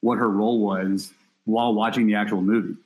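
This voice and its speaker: A man co-hosting a podcast, talking quickly in a lowish voice. He rambles in loose, casual chat, dropping the odd curse word. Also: level tone, a little mellow, poor audio. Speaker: podcast co-host.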